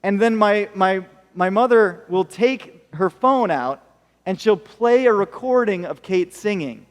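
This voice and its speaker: Male American pastor, lightly comic sermon storyteller, high voice, long hall echo. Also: expressive, unhurried. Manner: storytelling, jokey asides. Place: church hall.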